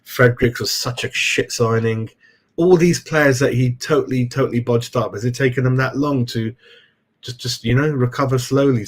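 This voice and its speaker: A middle-aged man chatting casually on a live fan stream, calling everyone "mate" as he goes. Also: mid-range voice. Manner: chatty, says "mate" a lot. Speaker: fan channel host.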